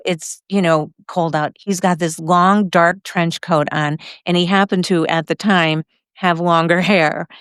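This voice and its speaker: A middle-aged woman hosting a podcast, telling a personal story in a lively way, laughing often. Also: mid-range voice, smooth, no echo, clean studio sound. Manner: lively, acts out other people's lines, laughs often.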